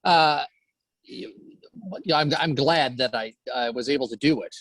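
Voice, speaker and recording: A middle-aged man from New Brunswick, Canada, talking as an interview guest, halting, with many fillers and restarts. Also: medium pitch, a bit bright, no echo. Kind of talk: casual interview chat.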